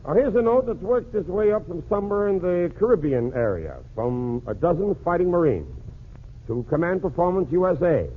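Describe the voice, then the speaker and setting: A man hosting a 1940s radio variety show, delivering deadpan punchlines in a one-sided comic phone call. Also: high voice, slightly rough. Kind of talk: 1940s radio comedy patter. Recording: tinny 1940s shortwave broadcast transcription.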